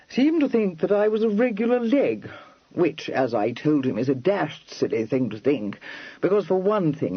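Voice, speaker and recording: A man voicing an amiable young Regency gentleman in an audiobook, drawling in clipped, slangy phrases with unhurried patience. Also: fairly high pitch, slightly rough, dry recording, highs cut off, voice pushed up, heavily acted. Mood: genial.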